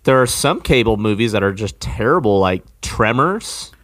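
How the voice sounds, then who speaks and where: A man's voice: fairly low pitch, big pitch swings, normal speed, fairly bright tone. A young man co-hosting a casual movie podcast, laid-back and trailing off into fillers. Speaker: podcast co-host.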